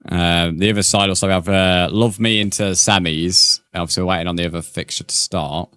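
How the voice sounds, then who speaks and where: A man's voice: low-pitched, fairly even intonation, brisk, sharp tone, clear, resonant tone, no echo. A young man streaming a game live, chatting casually with viewers and swearing freely. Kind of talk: live gaming commentary, reading chat.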